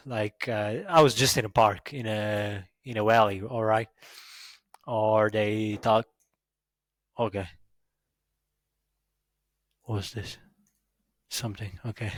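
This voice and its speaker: A man from Latvia with a Latvian accent, hosting a podcast in a halting, self-mocking casual monologue full of fillers. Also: lowish voice, steady tone, dry recording. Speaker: podcast host.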